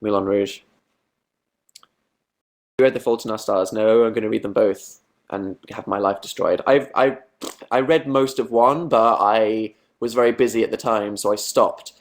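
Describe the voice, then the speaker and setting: Reading out comments from viewers, a young British man keeps his livestream casual and pokes fun at himself along the way. His voice is on the low side, with a steady tone and a moderate pace.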